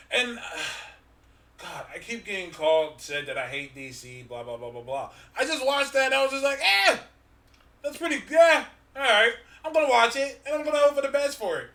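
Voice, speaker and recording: A man's voice: very high voice, a bit bright, echoey room, recorded from a distance. A man co-hosting a podcast in casual chat, laid-back and slangy. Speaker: podcast co-host.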